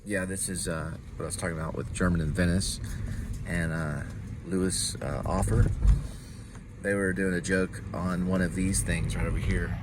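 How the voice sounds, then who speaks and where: A man talks through a casual driving vlog in a lowish voice, rambling from one folksy story to the next. He pokes fun at himself as he goes. Road and traffic noise comes through clearly behind him. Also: fairly even intonation, moderate pace. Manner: rambling, folksy, self-deprecating. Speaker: vlogger. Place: in a car on city streets.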